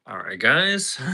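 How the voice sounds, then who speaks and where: A man's voice: medium pitch, pushed and bright. A man chatting casually on a live stream, rambling and chuckling as he reads chat aloud.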